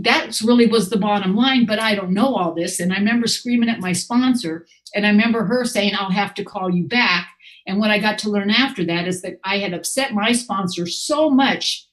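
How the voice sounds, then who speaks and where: An older woman, a new grandmother, giving a candid, rambling, self-mocking personal share at a recovery meeting, full of fillers and restarts. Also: medium pitch. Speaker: speaker sharing at a recovery meeting.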